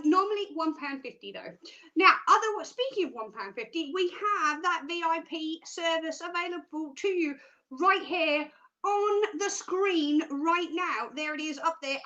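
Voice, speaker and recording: A bubbly young Australian woman hosts a live stream, chatty and full of jokey asides. Her voice is high and bright with a sharp edge. She presents with upbeat energy. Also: highs cut off.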